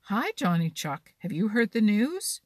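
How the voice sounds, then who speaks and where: A woman's voice: mid-range voice, very animated, measured pace, a little mellow, no room sound, pitched above the performer's own voice. A woman voicing a sly, taunting fox. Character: sly, teasing male fox who likes tormenting others. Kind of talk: storybook reading.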